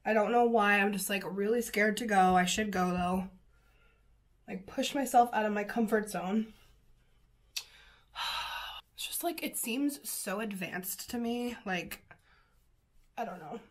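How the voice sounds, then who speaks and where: A woman with a sniffly nose talks through her makeup routine in a chatty, gushing way, full of fillers and little exclamations. Her voice sits at a middle pitch for a woman. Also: unhurried, pauses often. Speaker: beauty vlogger. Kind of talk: casual makeup tutorial chat.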